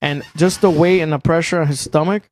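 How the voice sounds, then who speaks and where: A middle-aged man in casual chat, telling a profane, animated story and acting out what people said. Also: on the high side, a little fast.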